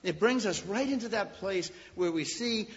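A middle-aged male pastor delivering a sermon, swelling loudly on key points and dropping to a hush at others. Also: high voice, lively intonation, moderate pace. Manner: impassioned preaching with sudden swells and quiet drops. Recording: dull lo-fi sound in a long-reverb hall.

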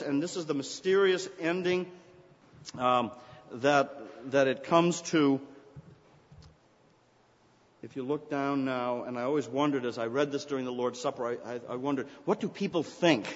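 A man preaching a sermon, explaining scripture earnestly and lifting his voice when he reads the verses aloud. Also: fairly high pitch. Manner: earnest, rising to emphatic scripture readings. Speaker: pastor. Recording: dull recording in a reverberant hall.

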